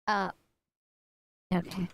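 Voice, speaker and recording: A woman casually chatting on a livestream while she draws. She answers chat and mutters softly to herself as she works, speaking into a desk microphone beside her drawing tablet. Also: very slow, no room sound, low-quality recording. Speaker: streamer drawing live. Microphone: desk mic by a drawing tablet.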